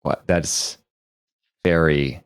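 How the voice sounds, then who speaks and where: A man's voice: very deep voice, fairly even intonation, extremely slow, creaky, smooth, dry recording, studio quality. A man co-hosting a podcast, thinking aloud and reasoning through his guesses in casual chat. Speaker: podcast co-host.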